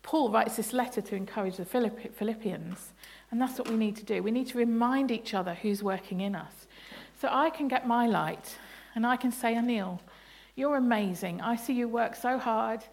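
This woman speaks a little high, at a moderate pace and with few pauses. She's a Bible study leader guiding a family sermon during a church service, full of laughter and play as she quizzes the congregation.

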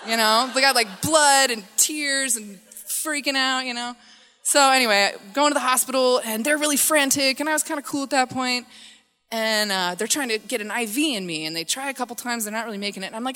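A woman telling a funny personal story on stage to an audience, animated and self-mocking, acting out the voices in it. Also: on the high side, fairly quick. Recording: hall reverb.

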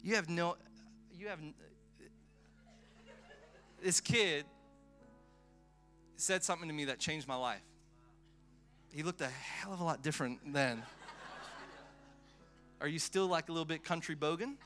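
Male preacher, live sermon; bright, punchy tone, animated storyteller with faint music underneath. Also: a little high, unhurried, long pauses. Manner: animated, excitable, with chatty asides. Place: live event before a congregation.

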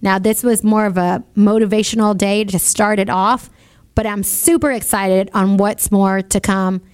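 A woman's voice: mid-range voice, fairly even intonation, moderate pace, a little mellow, clear, resonant tone. A woman in her forties hosting a motivational radio talk show, upbeat and chatty, laughing often. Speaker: radio show host and salon owner. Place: radio studio.

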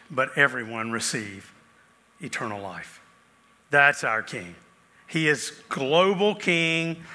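Bright-voiced man preaching a sermon. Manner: swells loud and slow on key phrases, drops soft and low; repeats titles and phrases in building lists. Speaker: pastor.

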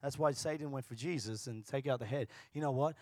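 A man preaching a sermon as pastor, moving between casual, joking asides and loud, passionate bursts. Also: medium pitch, brisk, dry recording, clean studio sound. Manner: swings from quiet talk to loud, passionate preaching.

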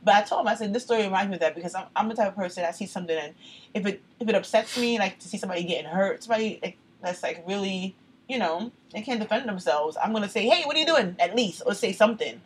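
Fast-talking husky woman telling stories. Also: mid-range voice, low-quality recording. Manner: lively storyteller who acts out quotes. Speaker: podcast co-host. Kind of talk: casual chat.

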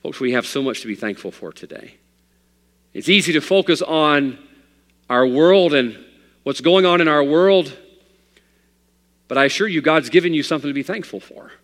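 A male pastor preaching a sermon, telling a story and swinging from loud, emphatic lines to quiet ones. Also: on the high side, expressive, moderate pace, long pauses, big-room sound.

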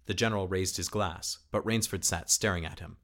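A man narrating a short story as an audiobook reading, in a measured, steady storytelling manner. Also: low voice.

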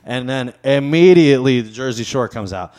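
A man's voice: mid-range voice, expressive, normal speed, darkish tone. A man hosting a podcast, telling a story in casual chat, swearing and acting out the quotes. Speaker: podcast host.

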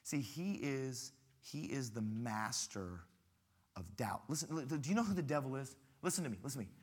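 A man's voice: medium pitch, normal speed, husky. A man preaching a sermon as a guest pastor, telling stories with humor and repeating phrases for emphasis. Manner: animated, humorous storytelling with emphatic repetition.

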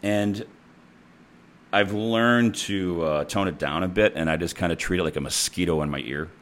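A man's voice: low-pitched, fairly bright tone. A man who works as a nurse, telling a story in a casual, blunt and profane way.

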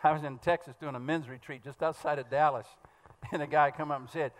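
A man preaching a sermon in a fast, fervent style, pressing his points with bursts of emphasis. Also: fairly high pitch, steady tone, slight background noise. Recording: long hall reverb.

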